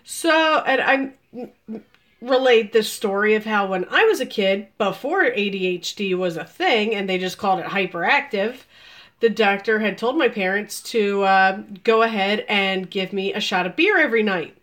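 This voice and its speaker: A woman in her forties telling a story on a live video, animated and laughing, with loud exclamations. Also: medium pitch, normal speed. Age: 40s. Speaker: vlogger.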